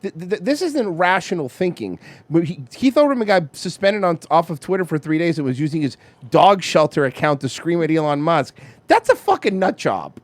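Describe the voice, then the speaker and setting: A man's voice: a little high, very animated, brisk, no room sound. A man hosting a crude comedy talk show, blunt, profane and conspiratorial. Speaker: host. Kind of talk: crude comedic political chat.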